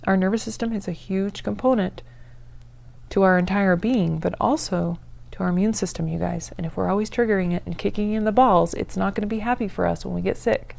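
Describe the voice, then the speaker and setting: A woman teaching a yoga breathing practice in a casual, encouraging way, with playful asides and breathy demonstration sighs. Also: medium pitch, a little mellow. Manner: breathy sighs and drawn-out ahs while demonstrating. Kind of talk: guided yoga class instruction.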